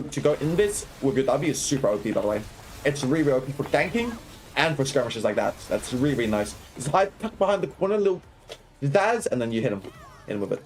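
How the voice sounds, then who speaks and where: An expressive, mid-range voice with a darkish tone belongs to a young man streaming and coaching a video game, with a little hiss or hum in the audio. He explains each move quickly, checks in with "right?" and "okay?", and trades laughs and banter with chat.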